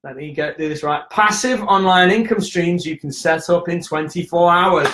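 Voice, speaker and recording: A young man from the UK chatting casually and hyperactively on a live stream, joking and telling quick stories. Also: sits high, a bit bright, roomy sound. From United Kingdom. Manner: hyper, jokey, quick storytelling with acted voices. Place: indoor room at home.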